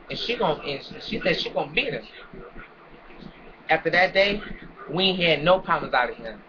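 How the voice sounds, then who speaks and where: A young man telling a story from his own life and lecturing kids and parents, animated and preachy, with lots of restarts. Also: a little high, fairly quick, long pauses. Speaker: vlogger. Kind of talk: casual storytelling rant. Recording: dull lo-fi with crowd noise behind.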